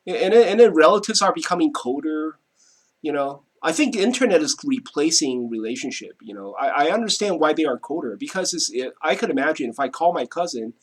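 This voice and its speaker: A man's voice: on the high side, expressive, brisk, slightly rough. A man talking casually at his desk, rambling and repeating himself with lots of "you know" and "right". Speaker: vlogger. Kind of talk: casual monologue to camera. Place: home, seated at his desk.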